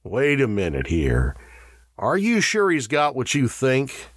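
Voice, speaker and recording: A man's voice: on the low side, very animated, takes it slowly, slightly rough, no echo, clean studio sound, heavily acted. A man doing a doubtful, blunt crewman. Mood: skeptical. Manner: skeptical, questioning.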